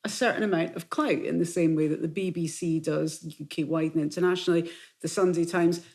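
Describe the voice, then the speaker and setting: A woman hosting a casual round-table chat at a kitchen table. She steers the talk with measured questions. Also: lowish voice, steady tone, a little mellow. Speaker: podcast host and TV newsreader.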